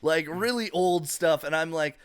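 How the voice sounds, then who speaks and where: A man co-hosting a comedy podcast, telling stories in a rambling, swearing, animated way. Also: on the high side, moderate pace, clear, resonant tone, no echo. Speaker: podcast co-host. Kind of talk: casual comedic chat.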